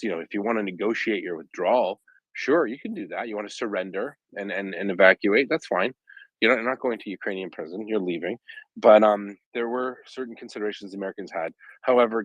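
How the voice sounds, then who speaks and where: Deep-ish man, lively and argumentative. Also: no room sound, muffled recording. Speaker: guest commentator. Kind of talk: casual online discussion.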